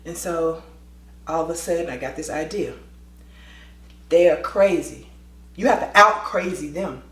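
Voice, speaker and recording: A woman's voice: on the low side, a little slow, reverberant. A woman vlogger, a former teacher, telling a dramatic story and acting out the voices of the people in it. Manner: lively, dramatic, acts out quoted voices. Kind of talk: animated storytelling.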